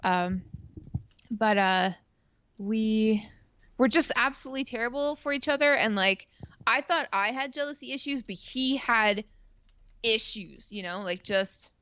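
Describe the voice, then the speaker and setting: A woman's voice: a little high, a little slow, pushed and bright, clean tone, no room sound. Chatty Canadian-raised woman, dull dry audio. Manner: rambling, heavy on "like" fillers, swears freely. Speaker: stream co-host. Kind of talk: casual confessional storytelling.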